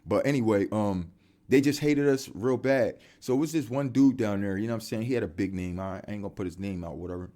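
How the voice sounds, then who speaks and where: A man's voice: fairly low pitch, fast talker. A man with a Delaware accent, telling faith testimonies in casual street slang and filling his talk with "you know what I'm saying.". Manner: animated street slang, many fillers. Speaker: faith vlogger.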